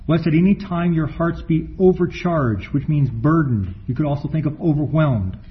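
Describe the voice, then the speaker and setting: Preacher man slowing down to stress words. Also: fairly high pitch. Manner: slows down to stress words, reads scripture deliberately. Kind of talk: sermon with scripture reading. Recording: dull recording with faint room noise.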